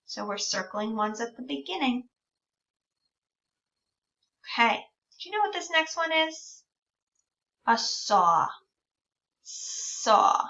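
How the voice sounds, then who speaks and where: A woman teaching a speech-sound lesson to young children, sounding out words slowly and drawing out sounds. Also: on the high side, very animated, sharp tone. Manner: slow, drawn-out sounding out of words. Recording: distant, dull lo-fi recording.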